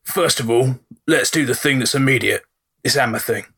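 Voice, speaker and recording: A man voicing a gruff, harried middle-aged leader who talks bluntly and swears mildly. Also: medium pitch, moderate pace, fairly bright tone. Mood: brusque.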